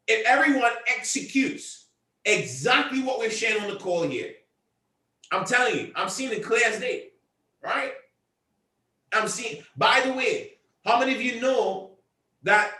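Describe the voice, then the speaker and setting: A team leader runs a convention call with a motivational pep talk, his voice very high-pitched, bright and forceful. He drives points home by repeating himself and frequently gets loud. The room is echoey and he sits far from the mic.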